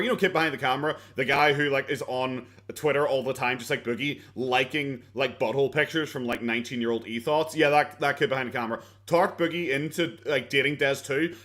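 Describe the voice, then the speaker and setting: A man's voice: medium pitch, fast, few pauses, a bit bright. An Irish man reacting to a video in casual commentary, rambling, sarcastic and swearing freely, often laughing. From Ireland.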